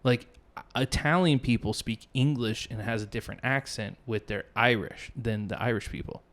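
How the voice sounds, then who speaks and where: A man's voice: mid-range voice, normal speed, a bit bright. A man co-hosting a loose podcast conversation. He rambles from thought to thought, often stopping to correct himself. His tone stays easygoing and chatty. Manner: rambling, self-correcting, easily laughs. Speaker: podcast co-host. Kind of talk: casual chat.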